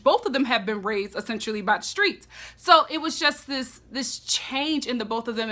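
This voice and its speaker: Woman vlogger, high bright voice, animated, casual recap host. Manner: expressive, animated storytelling.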